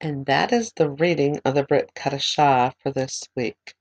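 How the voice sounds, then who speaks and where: A man reading scripture at a service. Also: a little high. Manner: measured reading with small restarts. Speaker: service leader. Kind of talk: scripture reading and closing prayer.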